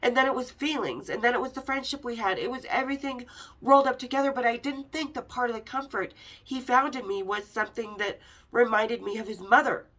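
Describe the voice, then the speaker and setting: Brisk and fairly bright, a woman's slightly high voice carries this podcast. The host, a middle-aged woman from Las Vegas, tells her own story openly and profanely, playing out the quoted exchanges.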